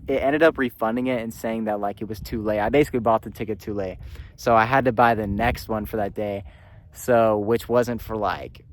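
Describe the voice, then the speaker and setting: A man's voice: mid-range voice, slight background noise. A young man vlogging, telling a candid personal story in a rambling way, with lots of "like" fillers.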